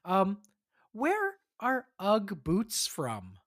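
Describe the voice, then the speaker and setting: A woman's voice: mid-range voice, wildly swooping pitch, very slow. A woman hosting a podcast, running a quiz for her co-hosts in an upbeat, encouraging way. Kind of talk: casual podcast chat.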